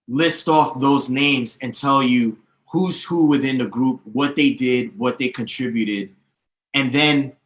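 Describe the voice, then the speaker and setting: A man's voice: mid-range voice, a bit bright. A man speaking as a guest in a podcast interview, confident and emphatic as he explains things at length. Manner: confident, emphatic, lists names and history. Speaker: guest, DJ teacher. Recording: roomy echoey sound.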